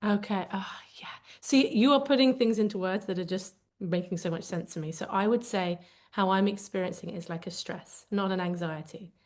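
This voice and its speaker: A woman's voice: medium pitch, a little fast, hardly any pauses. A woman co-hosting a conversational podcast, speaking candidly and reflectively as she searches for the right words. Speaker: podcast co-host.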